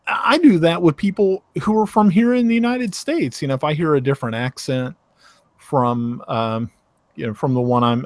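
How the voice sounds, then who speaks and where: Man with a Southern accent, casual call chat, lively rising and falling pitch, halting and full of restarts, dry close sound. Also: no echo. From Tennessee. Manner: halting, many restarts and fillers, chuckling. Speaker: host. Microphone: video call.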